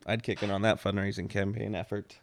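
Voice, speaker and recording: Blunt, deadpan man with a low voice. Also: fairly quick. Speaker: radio co-host. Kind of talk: comedy radio banter. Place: radio studio.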